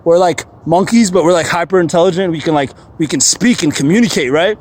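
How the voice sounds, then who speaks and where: A man's voice: fairly high pitch, brisk. A young man rambling outdoors in the woods, swearing freely and breaking into monkey noises. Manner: animated, swearing, bursts into monkey sounds. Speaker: vlogger.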